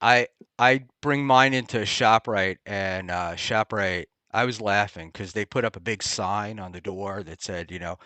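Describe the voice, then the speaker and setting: A man's voice: fairly low pitch, sharp tone, no room sound. Rambling man hosting a casual chat. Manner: rambling, halting with many ums and restarts. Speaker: podcast host. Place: Hoboken area, New Jersey.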